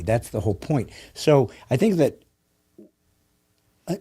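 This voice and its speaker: A man's voice: medium pitch, sing-song, takes it slowly, warm tone, slightly rough. A male podcast host talking in a thoughtful, explaining way. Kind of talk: reflective conversation.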